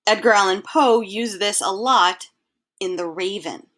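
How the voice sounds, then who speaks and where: A woman teacher narrates a recorded slideshow lesson. She explains clearly and patiently and has an ordinary, mid-pitched voice. She slows down and measures her words when she reads lines of verse aloud. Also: fairly bright tone.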